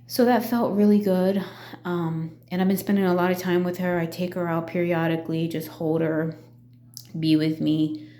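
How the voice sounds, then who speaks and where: Middle-aged woman vlogger, hesitant and full of fillers; warm dark tone, roomy recording. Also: lowish voice, fairly even intonation. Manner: halting, full of fillers and restarts. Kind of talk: casual personal vlog.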